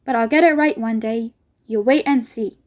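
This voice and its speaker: A woman's voice: a little high, normal speed, lightly acted. Woman voicing a fretful eccentric candy maker. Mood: gentle. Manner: gentle, fretful, hand-wringing.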